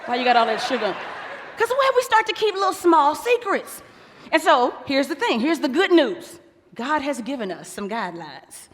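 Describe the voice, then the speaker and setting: A pastor's wife preaches a sermon in a large church hall, and the recording carries a long hall reverb. Her voice is high-pitched and very animated at a moderate pace, and she playfully acts out couples she quotes.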